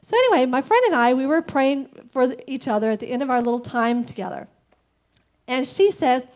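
High-voiced woman sharing an emotional testimony. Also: animated, a little mellow. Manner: emotional and earnest, quick to laugh. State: emotional, near tears. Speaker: church member giving a testimony. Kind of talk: personal faith testimony.

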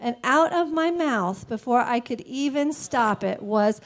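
A woman with a bright, high voice tells her story of faith in an earnest, emotional way. She sounds close to tears, and her voice stays open and heartfelt throughout. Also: animated. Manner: emotional and earnest, quick to laugh. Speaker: church member giving a testimony. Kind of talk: personal faith testimony.

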